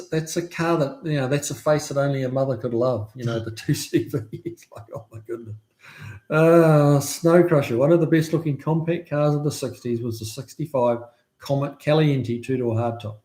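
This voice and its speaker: A man's voice: medium pitch, expressive, moderate pace, a little mellow. A man hosting a casual live stream, chatting about classic cars and answering viewers' comments with easy laughs. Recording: roomy echo.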